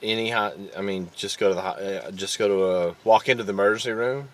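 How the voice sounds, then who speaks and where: A man's voice: fairly low pitch, quick pace. A man with a Southern US accent, rambling through a casual vlog story and a phone call, often restarting and repeating words. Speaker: vlogger.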